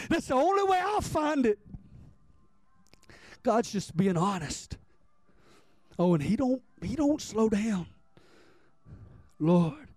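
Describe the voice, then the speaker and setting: A man preaching a sermon, animated and repetitive, stammering as he builds his points. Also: sits high, takes it slowly, long pauses, no room sound. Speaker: pastor.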